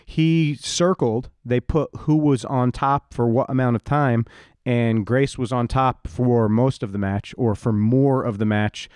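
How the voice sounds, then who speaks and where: A man's voice: medium pitch, unhurried, darkish tone, smooth, no echo, studio quality. A man co-hosting a podcast in casual chat, arguing his opinions firmly and sticking to them. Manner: argumentative, opinionated. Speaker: podcast co-host.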